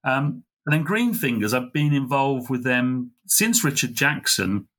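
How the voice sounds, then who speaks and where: A middle-aged man, a podcast guest, telling a heartfelt story in an earnest, halting way. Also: mid-range voice, lively intonation, a bit bright. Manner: earnest, halting, full of fillers and restarts. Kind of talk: conversational storytelling.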